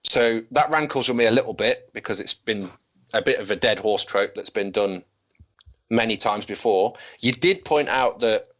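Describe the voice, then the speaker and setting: A man co-hosts a casual film podcast, speaking in a measured, conversational way. His voice is on the low side with a bright, forceful tone. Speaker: podcast co-host.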